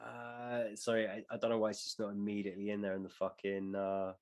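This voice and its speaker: A man's voice: on the low side, monotone, brisk. A young man co-hosting a podcast in casual chat, rambling and swearing with jokey asides. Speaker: podcast co-host.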